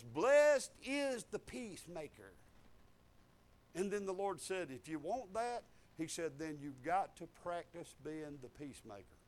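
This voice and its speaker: A middle-aged man delivering a sermon in a notably high voice. He swings from shouted declarations down to quiet, confiding asides, and tells stories in a folksy way. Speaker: preacher. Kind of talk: testimony sermon.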